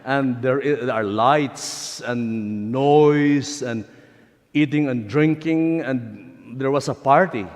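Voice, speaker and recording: Slow-speaking priest in a reverberant church. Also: male voice, medium pitch. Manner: unhurried storytelling with pauses and fillers. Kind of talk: sermon.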